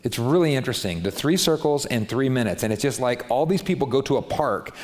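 Middle-aged pastor guy preaching casual, talks to the crowd, voice jumps way up when he gets excited. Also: medium pitch, brisk. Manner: conversational, animated preaching with playful voice changes. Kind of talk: sermon. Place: church sanctuary.

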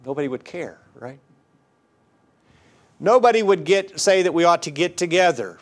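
A man's voice: high voice, expressive, moderate pace, pauses often. A middle-aged man preaching a sermon in an earnest, emphatic way, often repeating his key phrases.

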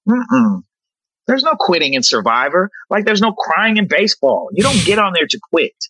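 A woman guest on a podcast, telling stories in a casual, animated way, swearing often and leaning on "you know.". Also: on the low side, moderate pace, breathy edge, no room sound, poor audio. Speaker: podcast guest, former reality show contestant. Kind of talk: casual storytelling chat.

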